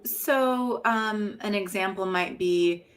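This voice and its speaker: A middle-aged poet and professor talks slowly in a mid-range voice. Frank and reflective in this candid conversational interview, she often laughs at herself.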